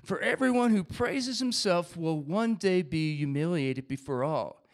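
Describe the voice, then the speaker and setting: A man with a noticeably high voice preaches a sermon. He is animated, reads scripture passages aloud, and slips into the voices of the crowd as he tells the story. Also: measured pace.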